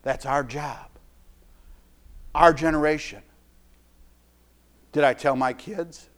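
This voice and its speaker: A middle-aged man preaching a sermon in a folksy, emphatic way, repeating phrases and swinging between loud declarations and quiet asides. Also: mid-range voice.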